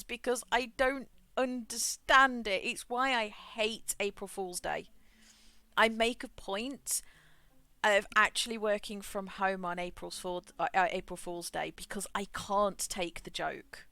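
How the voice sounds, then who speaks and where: A woman's voice: a little high, unhurried, pushed and bright, no room sound. A woman streaming a game, chatting frankly, swearing freely and laughing often. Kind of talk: casual chat while gaming.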